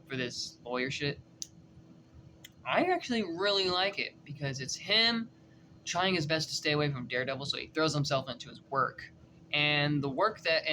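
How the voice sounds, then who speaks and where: A man's voice: on the high side, bright, forceful tone, slight background noise. A young man giving a loose, profane, slangy review of a TV episode. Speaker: show reviewer. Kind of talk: casual review chat.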